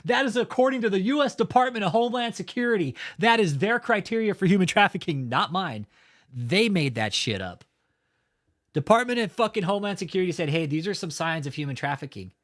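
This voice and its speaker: A man's voice: sits high, expressive, fairly quick, fairly bright tone. A man hosting a livestream, chatting casually and reading out viewer comments in a profane, mocking way, laughing often. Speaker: livestream host.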